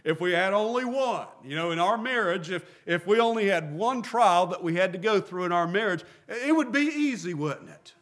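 A man's voice: high voice, expressive, moderate pace, few pauses, a bit bright. A middle-aged man preaching a sermon as a pastor, asking rhetorical questions and repeating phrases for emphasis.

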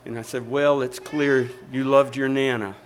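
A man's voice: mid-range voice, steady tone, moderate pace, a little hiss or hum, rough recording. A man preaching a sermon as a pastor, emphatic and storytelling, calling out to the congregation.

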